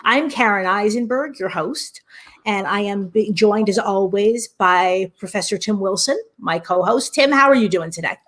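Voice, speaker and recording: A woman's voice: medium pitch, normal speed, hardly any pauses, a bit bright. A woman hosting a podcast, introducing guests and chatting in an upbeat, joking way. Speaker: podcast host. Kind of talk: casual chat.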